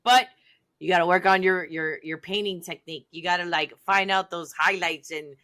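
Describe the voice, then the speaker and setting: A woman chatting on a podcast, telling her story with lots of excitement. Her voice is bright and forward, and her talk is loose, full of "like" fillers and acted-out lines. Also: fairly low pitch, normal speed. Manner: excitable, animated, heavy use of "like". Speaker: guest.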